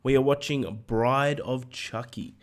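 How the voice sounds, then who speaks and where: An Australian man with a middle-pitched voice co-hosting a film podcast. He talks in a keen, casual way and steers the segments along, and his voice sounds a little worn. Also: fairly even intonation, takes it slowly. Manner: enthusiastic, runs the show segments. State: voice going hoarse. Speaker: podcast co-host. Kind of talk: casual chat.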